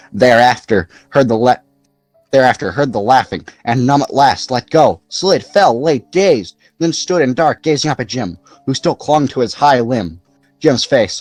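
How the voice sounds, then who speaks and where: A man narrating a novel aloud in an expressive, lively storytelling manner. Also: mid-range voice, no echo. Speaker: audiobook narrator. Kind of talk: scripted narration.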